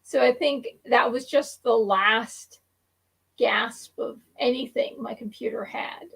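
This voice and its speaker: Husky, gravelly woman chatting on a stream. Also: on the high side, steady tone, slow, a bit bright, poor audio. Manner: laughs while talking, loose trailing sentences. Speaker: stream host. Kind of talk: casual chat. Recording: speaking over a phone with delay.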